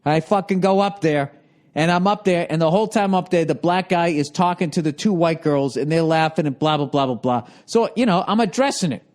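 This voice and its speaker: A man's voice: fairly high pitch, brisk, a little mellow. A man in his forties telling an exasperated, heavily profane comic story, his voice jumping up when riled. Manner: exasperated, swears constantly, voice jumps up when riled. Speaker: comedian.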